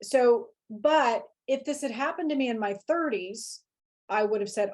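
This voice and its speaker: A woman's voice: a little high, measured pace, darkish tone. A woman in her forties, a podcast guest, telling a personal story in candid conversation and acting out her own inner voice. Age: 40s.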